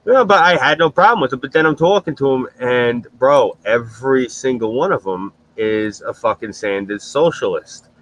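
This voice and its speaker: A man's voice: mid-range voice, lively intonation, normal speed, hardly any pauses, fairly bright tone, poor audio. A man in casual chat, telling blunt, profane stories on a stream.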